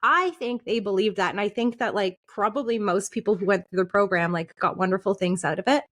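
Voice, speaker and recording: A woman's voice: medium pitch, fairly quick, fairly bright tone. A woman in her thirties, a podcast guest, candidly recounting a painful personal experience, often laughing through it and restarting her sentences.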